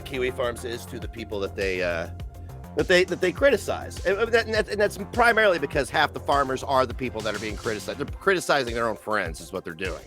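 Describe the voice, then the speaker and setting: A man's voice: medium pitch, fairly bright tone. Sarcastic profane man ranting on stream. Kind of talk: ranting livestream commentary.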